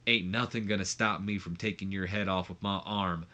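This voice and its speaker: A man's voice: deep voice, steady tone, normal speed, pushed and bright. A man voicing a cocky Texan male wrestler with a Southern accent in a wrestling game playthrough.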